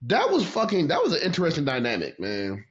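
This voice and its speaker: A man co-hosting a casual wrestling podcast, talking in a profane, excitable way and laughing often. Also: fairly high pitch, fairly quick, highs cut off. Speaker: podcast co-host.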